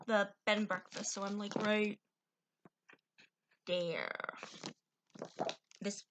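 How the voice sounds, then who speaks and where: A woman's voice: medium pitch, bright, forceful tone, slight background noise, low-quality recording. A woman in casual, self-deprecating chat, laughing easily. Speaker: co-host.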